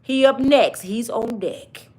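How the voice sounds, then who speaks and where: A woman's voice: fairly high pitch, takes it slowly, darkish tone. A woman doing casual comedic commentary, joking and cussing as she talks to her viewers. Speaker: YouTube commentator.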